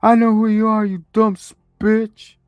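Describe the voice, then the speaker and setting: A man voicing a menacing male killer clown, taunting in a high sneering voice. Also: flat delivery, normal speed, clear, resonant tone, dry recording, highs cut off, soft background music, natural voice.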